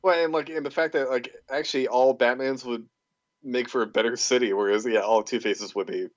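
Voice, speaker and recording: A man's voice: medium pitch, steady tone, brisk. An easygoing man co-hosting a podcast who laughs a lot and stumbles over his words as he chats. His recording sounds slightly dull and muffled. It is dry, with no room echo. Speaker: podcast co-host. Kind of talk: casual movie commentary chat.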